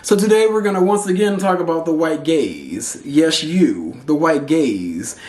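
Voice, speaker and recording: A man's voice: a little high, animated, moderate pace, darkish tone. A man from Texas giving blunt, profane commentary to camera as a vlogger. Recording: roomy echo.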